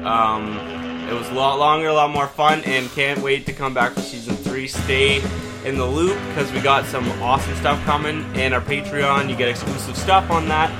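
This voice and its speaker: A man's voice: mid-range voice, steady tone, normal speed, loud music behind the voice. A young man co-hosting a podcast, telling a rowdy comic story and laughing through it with casual swearing. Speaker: podcast co-host.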